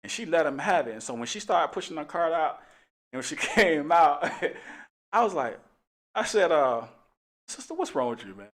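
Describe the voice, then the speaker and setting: A man's voice: fairly high pitch, lively intonation, normal speed, a bit bright. A middle-aged man, a police officer hosting a talk show, telling a casual story in a laid-back way and laughing often.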